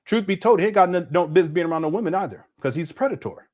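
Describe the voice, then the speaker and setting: A man's voice: high voice, expressive, rapid-fire, darkish tone. A middle-aged man hosting a livestream, reacting to a clip with frequent laughter and chatting to viewers. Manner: laughs a lot, talks to chat viewers. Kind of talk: casual reaction commentary.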